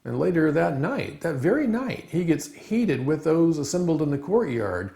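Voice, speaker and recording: Male chapel speaker, sermon, lively storytelling, gravelly tone, reverberant room sound. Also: on the high side, normal speed. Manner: animated storytelling with dramatic emphasis. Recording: roomy echo.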